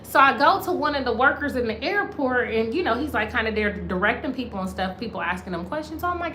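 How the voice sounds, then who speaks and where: An American woman vlogging, telling a story to her viewers in a casual, animated way and calling them y'all. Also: fairly high pitch, fast talker, few pauses, a little hiss or hum. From United States. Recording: roomy echo, faint ambience.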